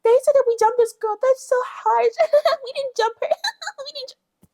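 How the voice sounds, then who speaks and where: A woman putting on a shrill, whiny voice to mock a caricatured woman. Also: measured pace, a little mellow, no room sound. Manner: squeaky, whiny, exaggerated.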